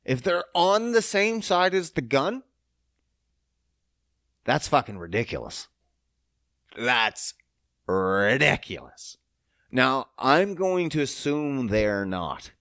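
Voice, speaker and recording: Animated, sarcastic male podcast host. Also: medium pitch, slow, long pauses, no echo, clean studio sound. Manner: animated, profane, sarcastic ranting. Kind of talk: casual podcast monologue.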